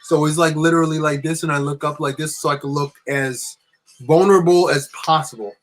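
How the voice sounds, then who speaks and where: A man's voice: fairly high pitch, fairly quick. Chatty young man telling a story. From New Jersey. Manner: rambling, animated anecdote with many restarts. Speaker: LEGO builder streaming. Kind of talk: casual storytelling while building.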